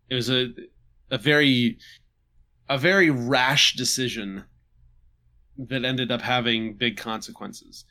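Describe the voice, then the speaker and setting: A man casually recapping a tabletop game session, halting and restarting with chuckles. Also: mid-range voice, sharp tone, clean tone. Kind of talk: casual chat.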